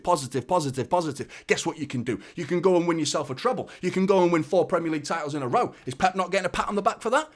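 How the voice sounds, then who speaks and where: A man hosting a football fan channel, delivering an emphatic opinion rant and repeating words for force. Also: a little high.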